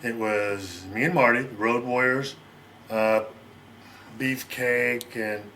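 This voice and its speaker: A middle-aged American man in a sit-down interview, telling a long story in a rapid, rambling way and acting out what others said. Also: mid-range voice, fairly even intonation, bright, forceful tone, a little hiss or hum. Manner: rapid, rambling, acts out quoted lines.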